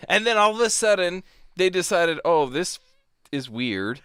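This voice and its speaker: A man's voice: high-pitched, very animated, measured pace, a bit bright, smooth, dry recording, studio quality. A man co-hosting a podcast, arguing his points in rambling explanations full of restarts. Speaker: podcast co-host. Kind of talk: crude casual podcast banter.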